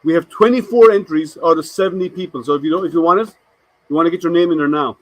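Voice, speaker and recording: Male streamer, chatty and halting, answers chat, slightly high voice, dry room. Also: dry recording, poor audio. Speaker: live stream host. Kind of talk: casual live stream chat.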